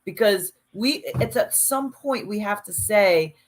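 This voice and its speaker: A woman co-hosting a podcast in casual chat, talking in an animated, emphatic way and swearing freely. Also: medium pitch, a little slow. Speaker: podcast co-host.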